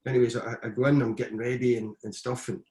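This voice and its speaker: A middle-aged man, telling stories from his football career in a casual, animated way as an interview guest. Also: medium pitch, quick pace, reverberant. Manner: anecdotal, animated retelling with frequent restarts. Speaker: guest, former footballer and coach. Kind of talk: casual storytelling.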